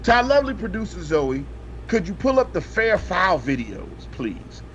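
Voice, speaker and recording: A man's voice: high voice, sing-song, normal speed, fairly bright tone. A man co-hosting a casual podcast, reading a news story aloud with profane, joking asides. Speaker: podcast co-host. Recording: slightly dull, faintly noisy podcast audio.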